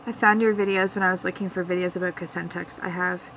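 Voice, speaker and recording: A woman's voice: fairly low pitch, steady tone, quick pace, fairly bright tone, a little hiss or hum, low-quality recording. Chatty Canadian woman rambling to her viewers. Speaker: vlogger hosting a live chat. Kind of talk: casual live-stream chat. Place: home.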